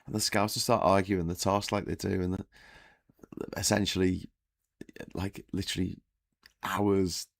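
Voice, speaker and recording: A man's voice: sits low, little pitch movement, unhurried, gravelly, long pauses, dry recording. A hungover man hosting a casual morning live stream, telling jokes and rambling through the news with frequent restarts.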